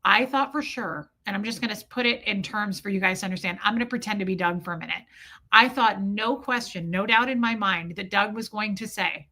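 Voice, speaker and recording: Bright-voiced woman hosting a live stream. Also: mid-range voice, fairly quick. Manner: candid, emotional, swears freely, frequent restarts. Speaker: livestream host. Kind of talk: casual live-stream talk, reading chat.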